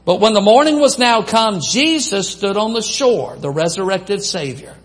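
A man preaching a sermon, reading scripture aloud and asking the congregation questions in an animated way. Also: high-pitched, moderate pace.

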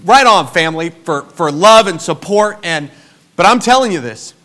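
A pastor in his forties with a high, bright and forceful voice, preaching in a storytelling way. He drops to near-murmurs and then rises to emphatic bursts. His delivery is personal and conversational. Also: lively intonation, normal speed. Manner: storytelling, emphatic, swings between soft and loud. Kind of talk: sermon.

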